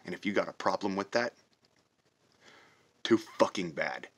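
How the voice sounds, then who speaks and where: Very deep, husky, forceful ranting man. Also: lively intonation. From United States. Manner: profane, confrontational, emphatic, with slow drawn-out stresses. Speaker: reaction video host. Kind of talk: heated patriotic rant to camera.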